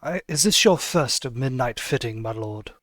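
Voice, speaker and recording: A man voicing a smooth, elegant male tailor who takes orders for murders, talking in a polite, silky and ominous way, in a tabletop game. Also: medium pitch, animated, a little slow, a bit bright, dry recording.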